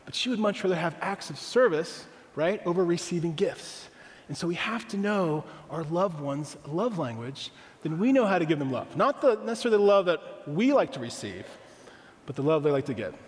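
A man's voice: on the high side, very animated, normal speed, big-room sound. A man preaching a sermon as pastor, conversational, asking the congregation rhetorical questions.

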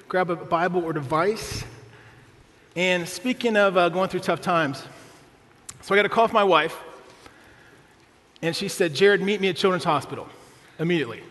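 A man's voice: high-pitched, fairly bright tone, big-room sound. A male pastor preaching a sermon, telling a family story with humor and often asking the congregation "right?".

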